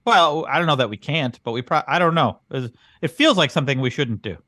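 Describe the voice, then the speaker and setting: A man's voice: fairly high pitch, animated, brisk, sharp tone, dry recording, clean studio sound. A man co-hosting a comedy podcast as the bemused straight man, asking puzzled questions. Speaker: podcast co-host. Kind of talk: improvised comedy chat.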